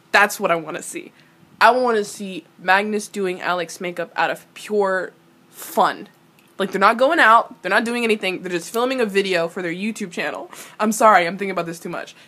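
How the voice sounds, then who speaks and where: A woman's voice: medium pitch, pushed and bright. A young woman giving casual reaction commentary on a TV episode, ranting animatedly and swearing freely. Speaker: reaction video host.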